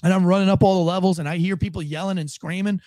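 A man, a former police officer, telling a profane story in a casual, animated way and acting out the quotes. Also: high voice, quick pace, no room sound.

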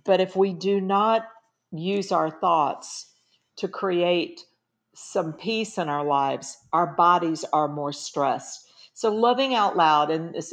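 A middle-aged woman speaks as a guest author in a conversational interview. Her voice sits fairly low, and she talks in an earnest, emphatic way, stressing her points as she gives advice.

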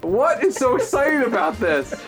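A man's voice: very high voice, very animated, normal speed, over loud music. A man playing a game with friends, swearing and ranting in exasperated banter. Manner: exasperated, swears a lot, rants. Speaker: game player. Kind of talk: gaming banter.

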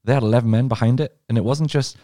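A man's voice: mid-range voice, very fast, warm tone, no echo, clean studio sound. A man co-hosting a football podcast, talking emphatically and opinionated, swearing casually. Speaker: podcast co-host.

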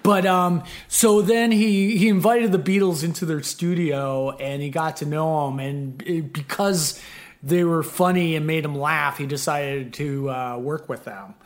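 A man's voice: fairly high pitch, steady tone, a little slow. A man hosting a podcast in casual chat, rambling with lots of fillers. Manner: rambling, many fillers, laughs easily. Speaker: podcast host.

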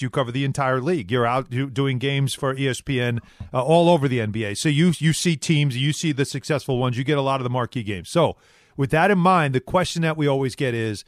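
A man's voice: medium pitch, no room sound, clean studio sound. A man hosting a sports radio show, talking casually and repeating himself as he builds his points. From New York.

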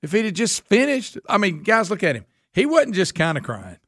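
A man's voice: high-pitched, huge pitch swings, moderate pace, a bit bright, no echo, studio quality. A man, ranting bluntly and folksily as co-host of a casual talk show. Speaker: radio co-host. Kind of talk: opinionated casual chat.

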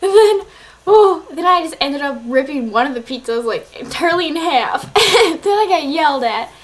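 A woman's voice: high voice, lively intonation, moderate pace. A nineteen-year-old woman vlogging, chatty and rambling with lots of "like" and giggles. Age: young adult. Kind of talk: casual chat to camera.

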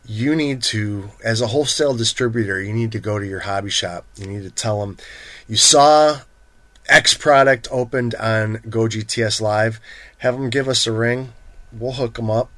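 A man co-hosting a live card stream, teasing his partner and pitching shop promotions to viewers. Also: a bit bright, no room sound. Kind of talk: casual live-stream chat and promo reads.

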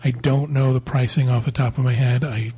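A man's voice: mid-range voice, level tone, brisk, mellow, husky. A man co-hosting a podcast, explaining policies in a plain, practical way in casual chat. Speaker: podcast co-host.

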